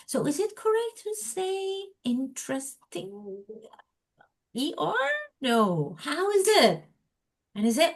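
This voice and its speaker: Slow-speaking woman teacher trainer. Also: high-pitched, big pitch swings. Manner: acts out student and teacher dialogue, non-native phrasing.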